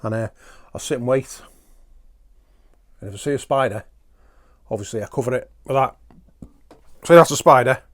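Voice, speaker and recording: A man's voice: medium pitch, normal speed, pauses often. A man hosting a podcast, rambling through a chatty, self-mocking solo comic monologue. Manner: talks while eating at times. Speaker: podcast host.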